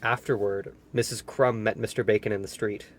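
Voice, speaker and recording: A man's voice: fairly low pitch, steady tone, fairly quick, slight background noise. A man reading a children's book aloud and breaking off for sarcastic, incredulous comments. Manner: sarcastic asides, incredulous questions. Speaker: reader.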